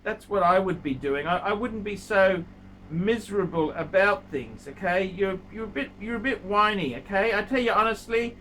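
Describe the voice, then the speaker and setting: A man talks straight to the camera as the host of a watch review channel, blunt and scolding, and he repeats his points over and over. His voice sits high and bright with a hard edge. A faint hiss runs underneath. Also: moderate pace, low-quality recording. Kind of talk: casual video review monologue.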